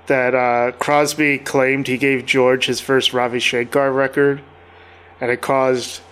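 Smooth-voiced wry man co-hosting. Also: mid-range voice, level tone, slow, a bit bright. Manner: wry, joking, loose and conversational. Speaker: podcast co-host. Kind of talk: casual chat.

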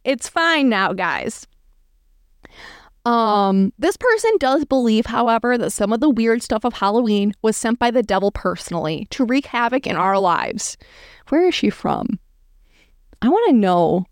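Sarcastic lady riffing on a blog post, kinda high crisp voice, dead dry sound. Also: lively intonation, measured pace, dry recording. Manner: sarcastic, amused, reads aloud and riffs. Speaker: commentator reacting to a blog. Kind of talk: casual reaction commentary.

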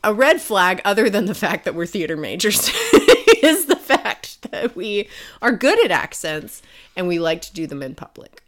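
Young woman rambling thru a story on a podcast, giggly, bright voice. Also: medium pitch, very animated, moderate pace. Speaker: podcast co-host. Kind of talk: casual chat.

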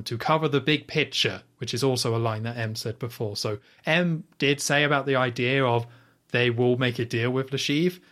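A man's voice: mid-range voice, a bit bright. A young man hosting a podcast, casually retelling a film scene in detail with plenty of fillers and quoted lines. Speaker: podcast host recapping a film. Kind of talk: casual chat.

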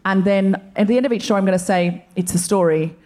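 A woman comedian talking to a live audience on stage in a thoughtful, measured way. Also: mid-range voice, a little mellow. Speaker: comedian, co-host.

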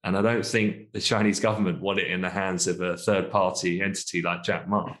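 A man's voice: deep voice, flat delivery, brisk, a bit bright. A man from the UK co-hosting a casual finance podcast, chatty, laughing often and hedging with asides. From United Kingdom. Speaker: podcast co-host.

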